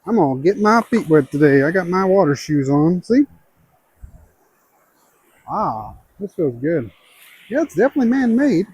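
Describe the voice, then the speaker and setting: A man's voice: high-pitched, very animated, normal speed, pauses often, a little mellow, breathy edge. A man with an Ozark Southern accent, chatting easily to viewers while hiking an outdoor trail on a handheld camera, a little out of breath from the climbs. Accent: Ozark Southern American. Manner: chatty, easygoing, talks to viewers while walking. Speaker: hiking vlogger. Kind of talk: casual walking vlog.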